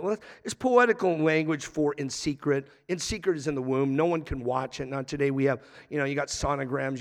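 Preaching pastor in a reverberant sanctuary. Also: male voice, medium pitch. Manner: preaching with rising emphasis and slowed, drawn-out scripture readings. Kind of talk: sermon. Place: church sanctuary. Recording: long church reverb.

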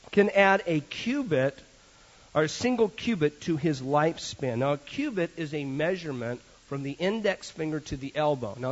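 Lively high-voiced pastor preaching. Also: male voice. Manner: animated storyteller with joking asides. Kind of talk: sermon. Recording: dull lo-fi sermon recording.

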